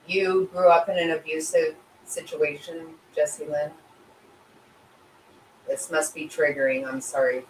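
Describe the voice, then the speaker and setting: A woman's voice: deep voice, fairly even intonation, measured pace, echoey room, far from the mic, poor audio. A middle-aged woman hosts a casual livestream, answering viewers with emotional, sympathetic rambling full of restarts. Her voice sits a little away from the mic. A faint ambient noise runs underneath. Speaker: livestream host reading chat.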